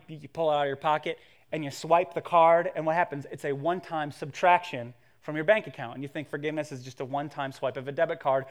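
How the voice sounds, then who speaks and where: A young adult man preaching a sermon to a congregation, telling stories in a conversational, humorous way that builds in excitement. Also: on the high side. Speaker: pastor.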